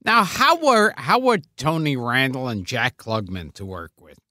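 Slow, bright-voiced male co-host. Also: medium pitch, big pitch swings, no room sound, studio quality. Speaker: podcast co-host. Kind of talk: casual chat.

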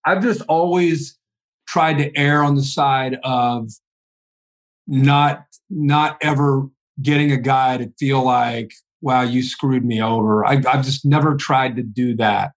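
Middle-aged man, podcast guest, conversational storytelling, restarts his sentences, medium pitch. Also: steady tone, slow. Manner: conversational, repeats words when starting sentences. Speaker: guest, college football analyst.

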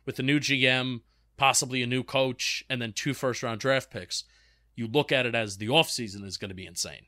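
A young man talks loosely through listener questions, circling back and restarting his sentences. His voice sits at an ordinary pitch with a dry, close sound and no room around it. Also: moderate pace, sharp tone, no echo. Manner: rambling, restarts often, reads out fan questions. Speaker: sports podcast co-host. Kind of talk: casual chat.

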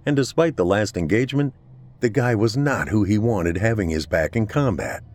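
A man giving a steady, measured scripted narration of a horror story. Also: on the low side.

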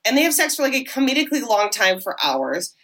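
A woman co-hosting a podcast, casually recapping a horror film in a chatty way with many quick asides. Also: on the high side, big pitch swings, fairly bright tone. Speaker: podcast co-host.

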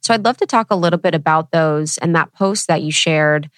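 A woman's voice: deep voice, brisk, dry recording. Reflective woman host, dry close sound. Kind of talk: podcast conversation.

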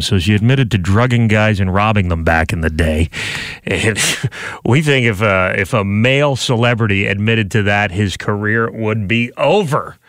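A man's voice: lowish voice, normal speed, fairly bright tone, no echo, clean studio sound, faint music behind. A man hosting a radio show, joking, laughing often and leading the talk. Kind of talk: morning radio banter.

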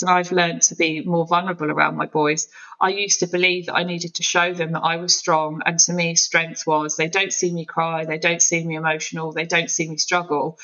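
Woman, candid conversation, bright tone, muffled recording. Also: lowish voice. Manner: open, emotional, searching. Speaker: podcast guest.

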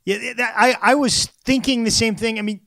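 A man co-hosting a podcast, chatting easily about crossword clues, often stammering and quick to tease his partner. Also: extremely high pitch, fairly even intonation, vocal fry, pushed and bright, dry recording, studio quality. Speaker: podcast co-host.

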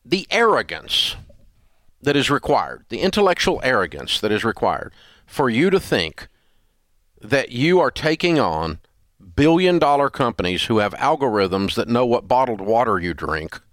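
A man's voice: mid-range voice, very animated, normal speed, a bit bright, no echo, clean studio sound. An older man hosting a radio advice show, blunt and scolding in an emphatic, repetitive way. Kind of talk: call-in advice show banter.

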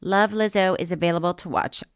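A middle-aged woman co-hosting a podcast in casual chat, playful and quick to laugh. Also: fairly low pitch, steady tone, smooth, no echo, clean studio sound. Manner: playful, laughs often, sings snatches of songs. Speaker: podcast co-host.

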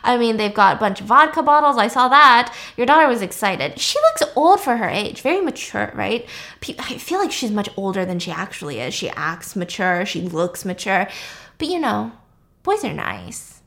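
A woman acting out a cold, taunting young woman avenger in a film recap, speaking with sarcasm and quiet menace. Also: medium pitch, big pitch swings, normal speed, gravelly. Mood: sarcastic.

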